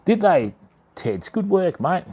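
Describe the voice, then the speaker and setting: A man's voice: sits high, sing-song, takes it slowly, dark tone, husky. Chatty Australian man on a livestream. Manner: chatty, greets viewers by name, calls them mate and fam. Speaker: fishing livestream host. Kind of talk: casual live stream chat.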